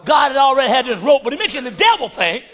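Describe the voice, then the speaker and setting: A male preacher delivering a fiery shouted sermon, calling for amens and acting out voices. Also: very high voice, very animated, quick pace.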